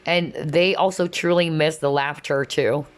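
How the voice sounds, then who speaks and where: A woman's voice: deep voice, steady tone, measured pace, smooth. A woman giving a casual, chatty tarot reading, often checking in with "okay?" and "you know". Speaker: tarot reader.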